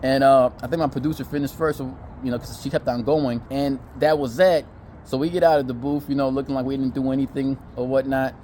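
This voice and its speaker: A man's voice: medium pitch, fairly even intonation, fairly quick, warm tone, slight background noise. A man telling stories in a casual vlog, in a loose, profane and chatty way. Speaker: storyteller.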